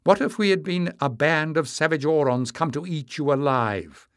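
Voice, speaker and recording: A man voicing a calm, commanding village matriarch. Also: mid-range voice, normal speed, no room sound, clean studio sound, pitched above the performer's own voice, natural voice. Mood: mock scolding. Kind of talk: audiobook character reading.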